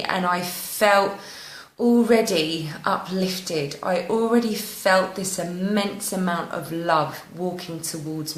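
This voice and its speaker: A woman's voice: medium pitch, fairly bright tone. A woman telling her own story in a raw, candid and emotional way, swearing freely. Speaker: spiritual vlogger. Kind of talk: personal confessional storytelling. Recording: roomy echo.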